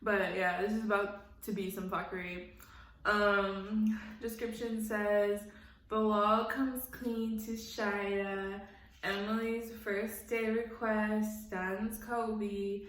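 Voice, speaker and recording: Young woman vlogger, candid and foul-mouthed, slow easy pace, recorded in an echoey room. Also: mid-range voice, steady tone. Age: young adult. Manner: candid, profane, laughs often, blunt opinions. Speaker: reality TV recap vlogger. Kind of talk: casual recap commentary.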